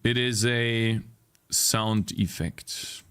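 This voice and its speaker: A man's voice: fairly low pitch, steady tone, very slow, a bit bright, smooth. A man streaming his game development live, talking casually, reading chat aloud and ranting in exasperation with frequent swearing. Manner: reads chat messages aloud and answers them.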